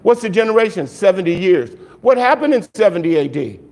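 This male preacher's voice sits high and sounds creaky, moving a little fast through an animated sermon. He answers his own rhetorical questions and laughs and jokes between points.

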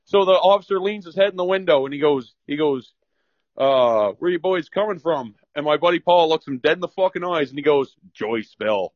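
Young guy, higher voice, swears constantly, rambling storyteller, dry close sound, slightly dull audio. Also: quick pace, few pauses, no echo. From Ontario, Canada. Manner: profane, rambling, laughing. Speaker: guest telling a story. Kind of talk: casual storytelling.

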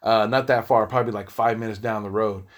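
A man's voice: lowish voice, fairly even intonation, fairly quick. A man talking casually to his viewers in a rambling, profane, laid-back monologue. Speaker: vlogger.

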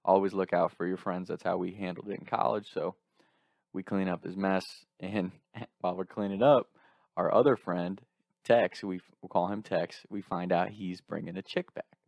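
A man in his twenties casually telling an animated story, laughing through it. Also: deep voice, moderate pace, creaky, no echo, clean studio sound.

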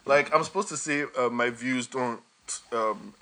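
A man's voice: mid-range voice, measured pace, pushed and bright. A young man co-hosting a casual podcast chat, laughing often and animatedly defending himself. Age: young adult. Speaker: podcast co-host.

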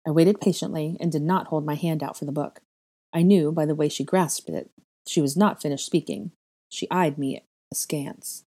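Female audiobook narrator, measured soft delivery, deep mellow voice. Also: steady tone, slightly rough. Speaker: audiobook reader. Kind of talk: first-person fan fiction narration.

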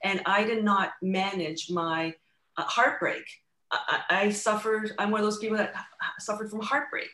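A woman's voice: medium pitch, fairly even intonation, normal speed, pushed and bright, reverberant. A middle-aged woman, a guest telling her own recovery story in an earnest, reflective way, often restarting mid-thought. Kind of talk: candid personal storytelling.

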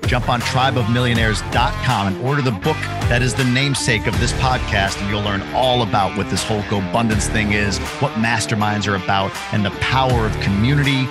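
A man hosting a podcast, upbeat and energetic, wrapping up the episode. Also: on the low side, fairly quick, hardly any pauses, loud music behind the voice. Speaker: podcast host.

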